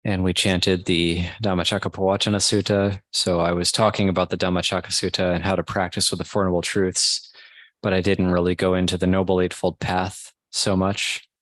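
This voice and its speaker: A man, a Buddhist monk, giving a Dhamma talk at a meditation retreat, teaching slowly and pausing often. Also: deep voice, little pitch movement, a bit bright, no room sound. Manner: slow, measured teaching with pauses and restarts.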